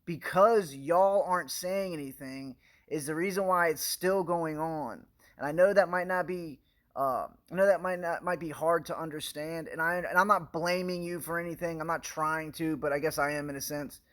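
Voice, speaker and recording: A man with a high-pitched voice pleads straight into the camera with his viewers. He rants with urgency, repeats himself, and restarts his sentences as he pushes his point. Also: normal speed, fairly bright tone. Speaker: video blogger addressing viewers. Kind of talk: impassioned direct-to-camera rant.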